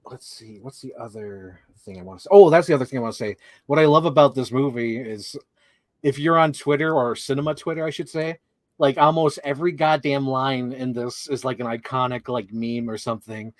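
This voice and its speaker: A man co-hosting a casual movie chat, animated, laughing often and acting out lines he quotes. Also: mid-range voice, fairly quick, no echo. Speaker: co-host.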